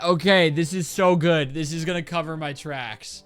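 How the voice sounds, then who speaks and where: A young man streaming a game, chatting and telling a story with lots of swearing and high-pitched impressions of others. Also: normal speed, clear, resonant tone, faint music behind. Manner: animated, swears freely, jumps into high mimicking voices. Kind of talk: casual live-stream storytelling while gaming. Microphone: desk mic.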